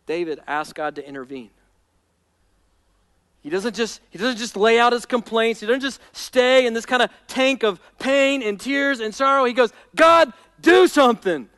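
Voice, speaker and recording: A man's voice: extremely high pitch, normal speed, fairly bright tone, clean tone, no room sound. A man preaching a sermon, building intensity through repeated phrases. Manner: preaching with rising intensity and repetition. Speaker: pastor.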